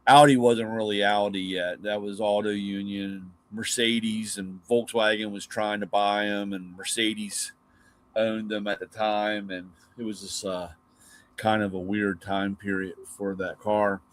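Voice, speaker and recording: A man's voice: fairly low pitch, little pitch movement, a little slow, slight background noise. A middle-aged man, host of a live car talk show, casually telling rambling stories about old cars and his dad, swearing and mimicking voices. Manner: rambling anecdotes, swears, acts out his dad's lines.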